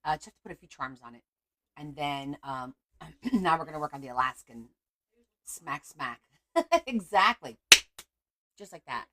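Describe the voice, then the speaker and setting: A woman's voice: low voice, big pitch swings, moderate pace, a bit bright. A middle-aged woman hosting a casual craft livestream from home on her phone, chatty and teasing as she greets viewers by name.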